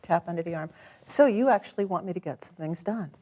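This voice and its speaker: A woman guiding a client through a tapping session, calm and gently directive, encouraging as she gives each step. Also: on the low side, fast. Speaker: tapping practitioner.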